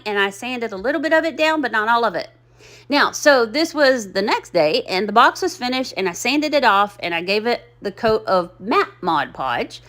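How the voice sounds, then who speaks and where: With a fairly high, bright, forceful voice, this middle-aged craft channel host narrates her project. Her DIY voice-over is chatty, rambling, folksy, and self-deprecating.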